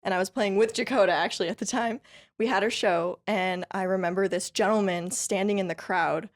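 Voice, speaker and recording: Woman, from California, podcast guest, casual storytelling, upbeat, laughs a lot, mid-pitched voice. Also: fairly quick. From California, USA. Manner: chatty and upbeat, laughs often between phrases; tells stories lively, with many fillers like "like" and "you know". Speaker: podcast guest, country fiddle player.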